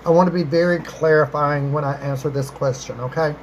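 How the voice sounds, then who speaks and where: A chatty livestream host responds to viewer questions, lovingly calling them darling and baby while meandering and rephrasing. Around a mid-range voice, her pitch jumps up suddenly on greetings but is otherwise fairly even, and she talks fairly quickly. The recording is muffled, with faint noise below her voice.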